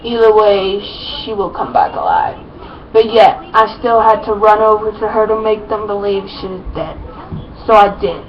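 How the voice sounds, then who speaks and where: A woman's voice: mid-range voice, fairly even intonation, moderate pace. A woman reading her own story aloud in a plain, unpolished way, with small slips and restarts. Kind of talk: reading fan fiction aloud. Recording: muffled lo-fi with faint noise.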